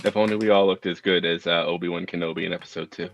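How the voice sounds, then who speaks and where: Chill guy calling in, lowish voice, kinda muffled dull line. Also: fairly even intonation, fast talker, a bit bright. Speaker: caller. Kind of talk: casual chat.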